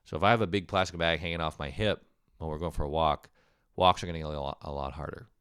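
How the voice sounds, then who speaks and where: Deep-voiced man telling a rambling story. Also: fairly even intonation, quick pace, fairly bright tone, smooth, no echo, studio quality. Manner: rambling, profane, self-mocking. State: sore throat. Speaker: podcast host. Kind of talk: casual comedic storytelling monologue.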